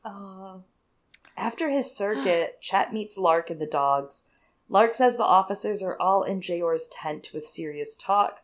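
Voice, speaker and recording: A woman's voice: medium pitch, animated, unhurried. A woman co-hosting a casual book podcast, summarizing chapters with wry, sarcastic asides. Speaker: podcast co-host.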